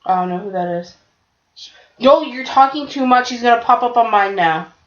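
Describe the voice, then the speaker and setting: A woman's voice: a little high, moderate pace. A young woman co-hosting a podcast, chatting loosely with swearing and easy laughs. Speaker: podcast co-host. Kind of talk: casual chat. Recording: roomy, dull lo-fi podcast sound.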